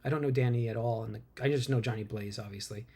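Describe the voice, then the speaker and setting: A man hosting a casual movie news podcast from home, rambling and tripping over names, quick to laugh. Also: medium pitch, a little mellow. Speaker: podcast host.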